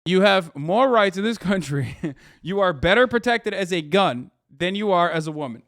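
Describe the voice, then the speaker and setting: A man in his thirties rants about politics to a live audience, sarcastic and profane, with frequent swearing. His voice sits high for a man. The sound is dry and close to the mic, with no room reverb. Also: lively intonation, normal speed, creaky, a bit bright. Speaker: streamer reacting to news clips. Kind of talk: ranting political commentary.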